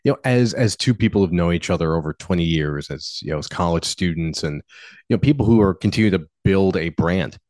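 A man in his forties co-hosting a podcast, talking haltingly with many self-corrections and you knows. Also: low voice, a little mellow, no echo, studio quality. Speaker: podcast co-host. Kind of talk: casual podcast talk.

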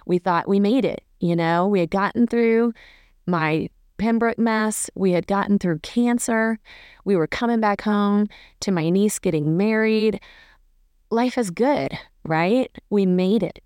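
A woman's voice: mid-range voice, measured pace, darkish tone, smooth, no echo, studio quality. A woman hosting a podcast, telling a personal story in a rambling, self-correcting way with fond emotion. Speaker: podcast host.

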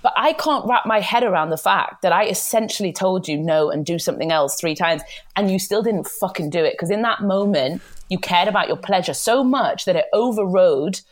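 A young woman telling a personal story in a candid, blunt, animated way. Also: fairly low pitch, moderate pace. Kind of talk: candid casual chat.

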